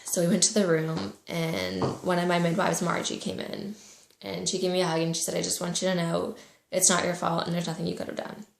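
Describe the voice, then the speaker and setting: A young woman telling a personal story to the camera in a halting, emotional way. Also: lowish voice, creaky. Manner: emotional, halting, soft-spoken. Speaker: vlogger. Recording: echoey room.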